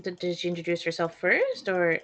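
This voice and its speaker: A woman's voice: on the low side, huge pitch swings, a little fast, a bit bright, faint music behind. A woman playing a tabletop game, chatting in a playful way and swearing at times. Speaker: player. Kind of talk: casual chat.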